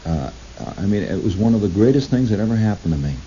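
A man broadcasting on radio, telling a long rambling story in a halting, digressive way, breaking into quoted voices. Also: fairly low pitch, expressive, warm tone. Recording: lo-fi recording with faint hiss.

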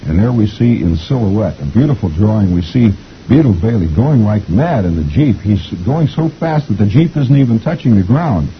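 A middle-aged man with a lowish voice hosts a chatty reading of the comics, folksy and rambling, chuckling often. His intonation is lively at a normal speed, and the lo-fi recording carries slight background noise.

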